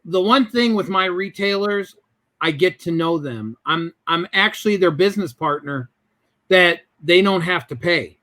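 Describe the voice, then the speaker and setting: A man's voice: sits high, lively intonation, measured pace, bright, forceful tone. A man telling a business story as a guest in an interview, acting out both sides of the conversations.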